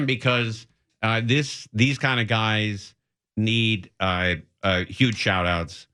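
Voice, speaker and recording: A middle-aged man hosting a live radio show, talking in a relaxed, rambling way with lots of fillers. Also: lowish voice, takes it slowly, clean tone, faint music behind. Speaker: radio host. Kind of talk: casual radio chat and live announcements.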